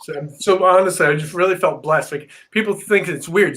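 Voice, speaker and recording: A man as a guest on a video-call interview, telling a story in a rambling, filler-heavy, animated way. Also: on the high side, brisk, slight background noise. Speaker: paranormal investigator guest.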